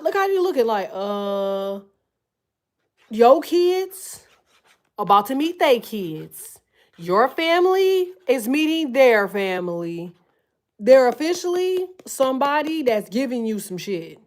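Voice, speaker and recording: A woman giving a loud, animated, profanity-filled casual tarot reading, full of slang. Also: a little high, slow pace. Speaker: tarot reader.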